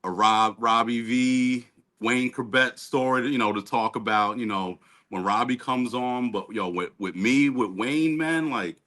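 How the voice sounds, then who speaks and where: A man on a remote call telling a story with bright, forceful energy. He leans on slang and lots of fillers as he talks. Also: medium pitch, unhurried. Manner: animated, street slang, many fillers. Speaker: guest. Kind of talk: casual storytelling.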